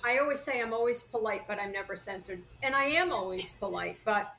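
A woman's voice: medium pitch, lively intonation, a little fast, a bit bright, slight background noise. A woman co-hosting a podcast, talking bluntly and swearing freely in casual chat. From Rhode Island, USA. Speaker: podcast co-host.

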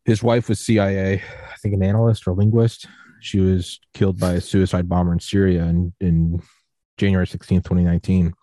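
A young man hosts a podcast in a low, mellow voice, chatting loosely and drifting into long stories. He acts out the people he quotes and then falls back into easy conversation. The sound is close and dry. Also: a little fast, no room sound. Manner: rambling storyteller, quotes others in animated voices. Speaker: podcast host. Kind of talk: casual interview chat.

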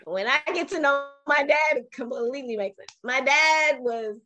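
A high-pitched woman in her forties, speaking at a moderate pace, is a guest on a podcast interview. She tells her own life story animatedly and emotionally, often restarting her sentences.

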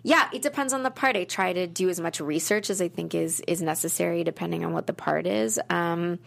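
A woman actress talking casually in an interview, chatty and animated, with lots of fillers and restarts. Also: lowish voice, fairly quick, creaky.

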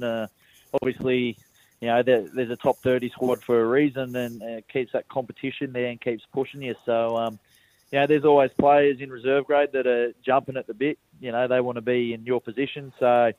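A relaxed young man with an Australian accent talks down a phone line as a radio guest. His voice sits mid-pitch and sounds dry and close. He rambles easily, with plenty of fillers and a self-deprecating ease. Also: no echo. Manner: laid-back, self-deprecating, many fillers. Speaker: rugby league player guest. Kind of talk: casual radio interview.

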